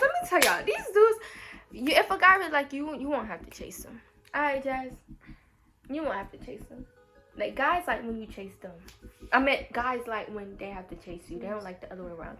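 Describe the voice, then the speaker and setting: A young woman vlogger telling a story in a casual, animated way and acting out quotes. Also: fairly high pitch. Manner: animated retelling with acted quotes, African American English grammar.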